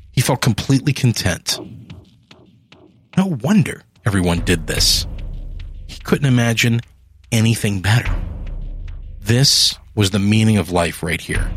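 A man narrating a dark horror story in a measured, deliberate way. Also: lowish voice.

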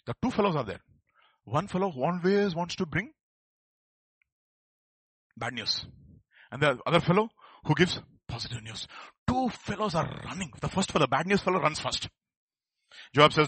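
A man's voice: a little high, moderate pace, long pauses, husky, dry recording. Fiery male preacher. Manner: animated, rising to fervent shouts. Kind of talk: sermon.

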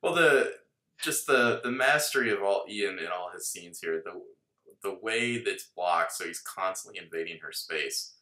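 A man's voice: low voice, moderate pace, pushed and bright. A man co-hosting a podcast in casual chat, musing analytically and laughing often. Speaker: podcast co-host. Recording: roomy echo.

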